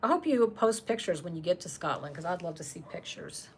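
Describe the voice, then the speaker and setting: A woman chats casually on a live stream from her home, pausing to read comments and talk about her dogs. Her voice sits on the lower side, she laughs easily, and a faint room hum runs underneath. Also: sing-song. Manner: chatty, laughs often, talks to her dogs. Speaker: channel host reading live chat.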